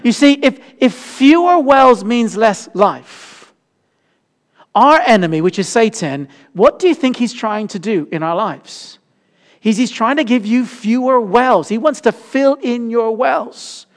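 A man preaching a sermon, telling a family story with lively acted-out voices. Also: very high voice, measured pace, long reverb tail. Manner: animated storytelling, acting out voices. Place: church.

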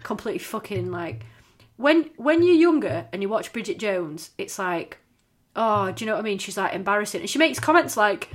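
A woman's voice: medium pitch, lively intonation, a little fast. A woman, chatting casually and swearing freely as a podcast co-host. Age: 30s. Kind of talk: casual chat.

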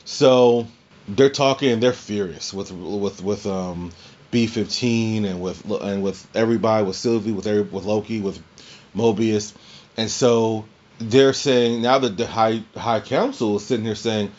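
A man's voice: on the low side, fairly even intonation, measured pace, darkish tone, dull audio. A man in his twenties, a podcast host, rambling through a casual recap with frequent restarts and the odd swear.

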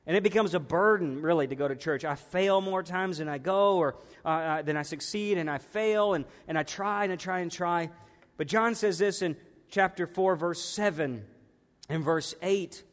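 A man's voice: high-pitched, big-room sound. A man in his thirties preaching a sermon in a church, conversational and emphatic, repeating his points.

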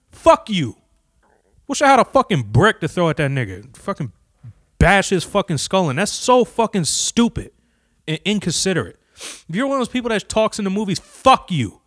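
A man ranting to camera, cursing constantly and swinging from low muttering to loud, heated outbursts. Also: dry recording, studio quality. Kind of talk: profane rant to camera.

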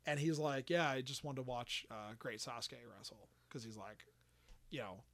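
A man casually telling a story on a podcast, animated and swearing, acting out quotes. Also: mid-range voice, moderate pace, no room sound.

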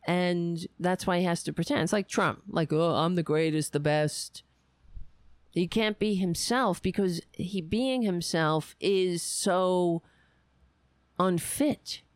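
Slow, scornful political commentator. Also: mid-range voice, clear, resonant tone, no room sound. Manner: sarcastic and scornful, halting with many restarts. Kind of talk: ranting solo commentary.

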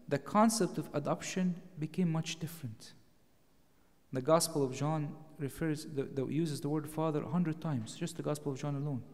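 A man delivers a sermon in a church with a slightly higher-than-usual voice. He teaches steadily and then swells with emphasis on key lines. His words ring out with a long hall reverb behind them. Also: darkish tone. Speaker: preacher.

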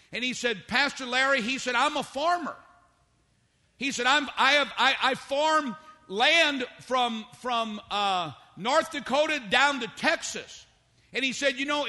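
A middle-aged male pastor preaching a sermon and calling on the congregation to shout amen. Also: very high-pitched. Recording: long hall reverb.

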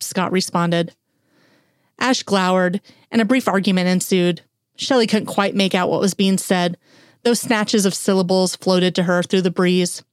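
A woman's voice: medium pitch, fairly even intonation, moderate pace, smooth, no echo, clean studio sound. A woman narrating an audiobook in a wry, lightly humorous storytelling manner.

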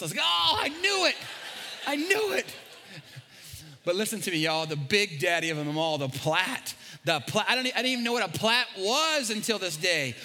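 A man preaching a sermon as pastor, animated and jokey, stumbling and repeating words. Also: high-pitched. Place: large church hall. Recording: long hall reverb.

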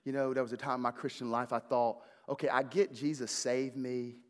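A man preaching a sermon as pastor, fervent at his peaks and hushed at his close, repeating words as he builds emphasis. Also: mid-range voice, little pitch movement, normal speed. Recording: long hall reverb.

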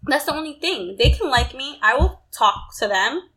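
A woman's voice: sits high, expressive, moderate pace, a bit bright, rough recording. A young woman in casual, candid chat who swears freely and acts out quoted conversations.

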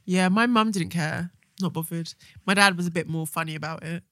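Young woman, bright voice, quick talker, dry close sound. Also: fairly low pitch, no room sound. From England. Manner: animated storytelling with acted quotes. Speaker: podcast co-host. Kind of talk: casual chat.

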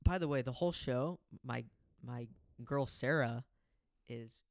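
A man's voice: mid-range voice, a little slow, dry recording, clean studio sound. A young man in casual chat, telling a long story with lots of swearing, restarts and acted-out quotes. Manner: swears freely, rambling with restarts, acts out quotes.

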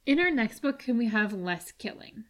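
A woman's voice: fairly high pitch, lively intonation, moderate pace. A woman co-hosting a podcast, chatting about books with a dry, punning humor. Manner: dry, fond of puns. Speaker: podcast co-host. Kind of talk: casual book chat.

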